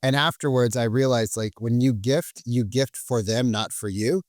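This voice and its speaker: A man telling stories as a podcast guest in a lively, casual way. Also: mid-range voice, moderate pace, no echo, studio quality. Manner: animated, acts out quoted people. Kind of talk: casual storytelling.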